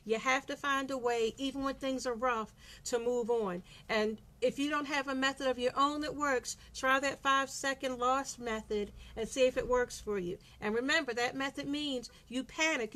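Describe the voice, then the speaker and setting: A woman's voice: high voice, fairly even intonation, moderate pace, pushed and bright. A middle-aged woman blogger giving a motivational monologue, stressing her points by repeating short phrases.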